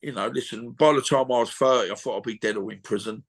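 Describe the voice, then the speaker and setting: A man's voice: mid-range voice, quick pace. A man, talking bluntly and at length in an interview over a video call, swearing freely and circling back with "you know what I mean". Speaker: boxer interviewee. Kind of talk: emotional casual interview.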